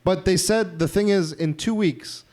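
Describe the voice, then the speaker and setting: A man's voice: sits high, measured pace, darkish tone. A man co-hosting a podcast in casual chat, rambling and retelling scenes with quoted voices. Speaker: podcast co-host.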